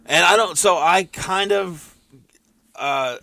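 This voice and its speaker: A man's voice: high voice, slow, gravelly, bright, forceful tone, dry recording. A middle-aged man co-hosting a podcast, chatting loosely with lots of fillers. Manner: loose, rambling, with many fillers. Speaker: podcast co-host. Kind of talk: casual chat.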